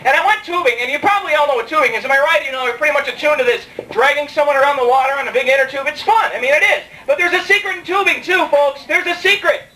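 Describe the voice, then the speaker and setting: High-voiced young man doing stand-up. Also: very fast, few pauses, pushed and bright. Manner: rambling, self-mocking, jokes with the crowd. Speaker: stand-up comedian. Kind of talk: stand-up comedy set. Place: comedy club stage. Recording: distant mic in a live club, faint room ambience.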